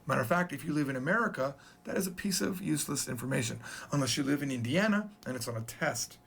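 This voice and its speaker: A man's voice: on the high side, lively intonation, quick pace, gravelly, a bit bright, slightly rough. A man teaching a casual Japanese numbers lesson, playful and joking as he goes.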